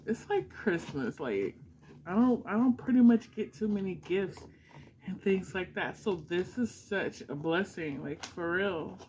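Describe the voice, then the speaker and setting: A woman's voice: lowish voice, animated, measured pace, darkish tone, slight background noise, low-quality recording. A middle-aged woman vlogging an unboxing at home, gushing and emotional with frequent exclamations. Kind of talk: casual unboxing vlog.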